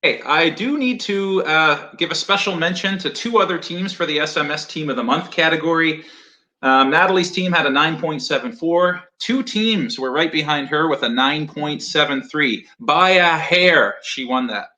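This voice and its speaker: A man's voice: on the high side, normal speed, bright, forceful tone, a little hiss or hum. A man co-hosting a casual virtual award show over a video call, jokey and upbeat. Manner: jokey, upbeat, loose with fillers. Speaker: awards co-host.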